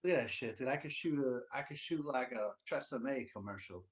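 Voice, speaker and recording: Loud, swearing man on dull stream audio. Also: medium pitch, expressive, a little fast. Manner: loud, profane, rambling, sings along to music. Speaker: livestream host. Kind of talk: casual solo livestream chat.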